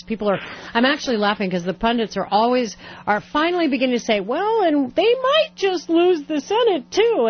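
A woman's voice: mid-range voice, muffled recording. A woman hosting a radio talk show, opinionated and wry, with pointed asides.

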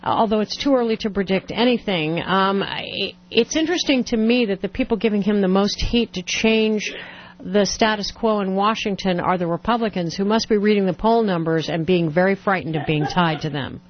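A woman's voice: mid-range voice, normal speed, lo-fi sound. A woman hosting a radio talk show, opinionated and wry, with pointed asides.

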